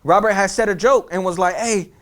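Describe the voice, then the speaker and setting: Slangy high-voiced male storyteller. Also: quick pace. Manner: slangy, animated, repeats phrases. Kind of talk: casual storytime monologue.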